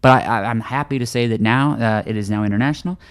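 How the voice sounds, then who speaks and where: Fast-talking man, stumbling restarts. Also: mid-range voice, clean tone. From United States. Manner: rapid, repeats words when starting sentences. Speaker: guest author. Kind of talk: casual interview chat.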